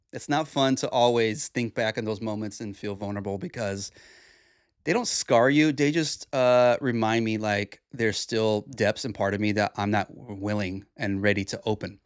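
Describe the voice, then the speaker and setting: A man's voice: on the low side, moderate pace, clean tone, dry recording, studio quality. A tired, groggy young man hosting a solo podcast, talking in a rambling, reflective way with restarts. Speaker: podcast host. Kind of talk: casual solo podcast monologue.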